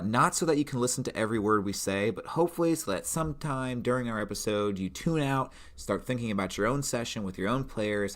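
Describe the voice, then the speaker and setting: A man co-hosting a tabletop gaming podcast, pitching a scenario in a rambling, casual way with lots of fillers. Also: a bit bright. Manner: rambling, many fillers and restarts. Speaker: podcast co-host, game master. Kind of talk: casual chat.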